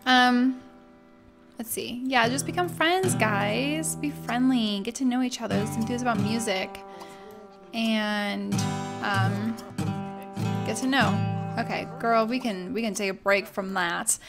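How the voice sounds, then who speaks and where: A woman's voice: a little high, slow pace, loud music behind the voice. Bubbly young woman gushing over her game. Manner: bubbly, gushing, talks to her characters and viewers. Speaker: gaming YouTuber. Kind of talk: casual let's-play commentary.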